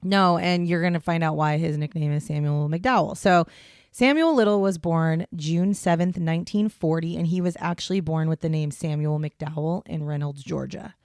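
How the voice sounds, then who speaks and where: A woman's voice: low voice, moderate pace, a little mellow, clear, resonant tone, no echo, studio quality. A woman co-hosting a casual true crime podcast, chatting in a rambling way with fillers, recording in a small hotel room. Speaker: podcast co-host. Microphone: headphones and portable podcast setup.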